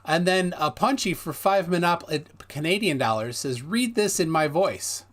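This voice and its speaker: A man's voice: a little high, lively intonation, normal speed, fairly bright tone. A man hosting a casual live stream, reading viewer donations aloud in a jokey, self-mocking way and stumbling over names.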